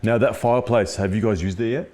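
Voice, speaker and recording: A man's voice: fairly low pitch, steady tone, fast talker, a little mellow, no echo. An Australian man hosting a building inspection, talking viewers through defects in a blunt, exasperated way. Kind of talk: on-site inspection commentary.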